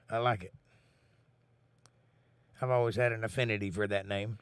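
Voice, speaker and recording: A man's voice: on the low side, fairly even intonation, normal speed, long pauses, smooth, no echo. A man hosting a casual livestream, reading viewer comments aloud in a laid-back, folksy way and swearing now and then. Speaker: livestream host.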